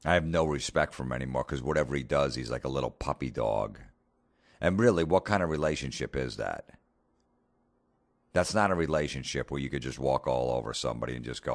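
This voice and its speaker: A comedian hosting a podcast, telling a blunt, profane story in a casual rant. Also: male voice, a bass voice, lively intonation, brisk.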